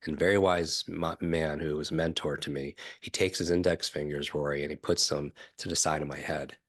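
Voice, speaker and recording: A middle-aged man, a podcast guest, telling a personal story in an animated way, acting out what others said and often asking "right?". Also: rumbling low, moderate pace, dry recording, clean studio sound. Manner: animated storyteller, acts out quoted voices, frequent "right?". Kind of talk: storytelling in a conversational interview.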